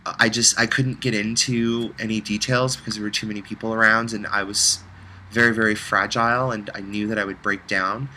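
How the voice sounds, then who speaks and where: A man's voice: on the low side, level tone, brisk, pushed and bright, slight background noise, rough recording. A man recording a heartfelt, rambling personal video message, close to tears at times.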